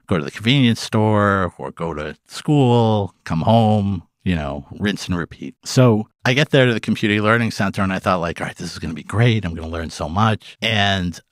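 A man's voice: no room sound, studio quality. A middle-aged man telling stories from his working life in a casual interview, acting out what people said and leaning on "like" and "you know". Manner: animated, acts out quoted dialogue with big pitch jumps; peppers speech with "like" and "you know". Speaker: interview guest. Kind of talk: casual storytelling.

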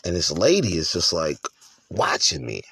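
A man's voice: sits low, huge pitch swings, moderate pace, gravelly, fairly bright tone, husky. A man, a husband and father, telling a candid personal story in a conversational way, with frequent restarts.

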